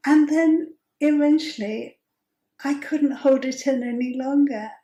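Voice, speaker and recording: A woman in her fifties telling a personal story as host, chatty and amused, with breathy asides. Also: high-pitched, a little slow, dark tone, reverberant, lo-fi sound. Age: 50s.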